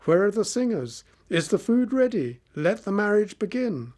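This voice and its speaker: A stubborn village father barks orders at his daughter, as a male narrator reads him. He sounds impatient and commanding, a little high in pitch. It is plain storybook reading. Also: moderate pace, darkish tone, close to an everyday voice. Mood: delighted. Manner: bossy, impatient.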